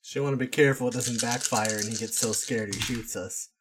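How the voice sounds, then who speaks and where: A man playing a tabletop western role-playing game. He describes his character's actions eagerly in a plain mid-pitched voice. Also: steady tone, brisk, noisy background. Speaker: player. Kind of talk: tabletop role-play banter.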